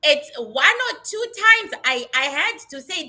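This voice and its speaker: A woman medium talks through her readings in a casual, blunt, animated way. Her voice sits very high and sounds piercingly bright. She speaks slowly and takes her time. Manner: animated storyteller with blunt, salty talk. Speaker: psychic medium giving readings. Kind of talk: casual livestream chat.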